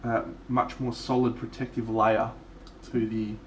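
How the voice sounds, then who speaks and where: In an echoey room, an Australian man streams his miniature painting live, chatting casually and swearing freely. His lowish voice is level in tone and a little slow, with slight background noise.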